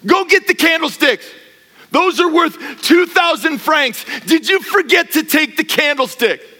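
A man's voice: extremely high pitch, expressive, measured pace, sharp tone, in a large hall, pitched above the performer's own voice, exaggerated voice. A man voicing a kindly, forgiving old bishop, speaking with raised urgency in a sermon. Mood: urgent.

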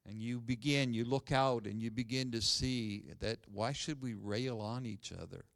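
A man preaching a sermon as pastor, reading scripture with rising emphasis, then growing quiet and earnest. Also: lowish voice, gravelly, dry recording.

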